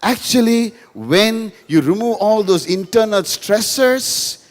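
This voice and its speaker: A man's voice: high-pitched, animated, slow pace. A male pastor, giving a humorous sermon to a live audience in a school hall, telling stories and repeating lines for emphasis. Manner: storytelling with jokes, emphatic repetition. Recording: reverberant hall.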